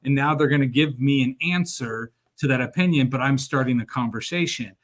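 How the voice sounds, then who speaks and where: A man hosting a live show who coaches car sales, animated and acting out the dialogue he quotes. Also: medium pitch, fairly quick. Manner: animated, acts out quoted dialogue, laughs often. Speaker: sales trainer and show host.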